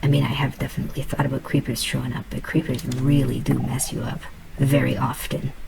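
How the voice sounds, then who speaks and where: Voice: mid-range voice, little pitch movement, brisk, gravelly, crowd noise, poor audio. A host giving casual, rambling commentary while playing a video game, musing aloud in a put-on accent. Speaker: let's play host.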